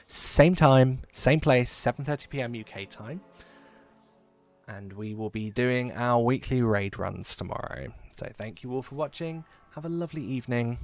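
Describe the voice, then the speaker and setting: A man from near London, chatting casually and rambling as he live-streams a game, swearing now and then. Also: medium pitch. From England, near London.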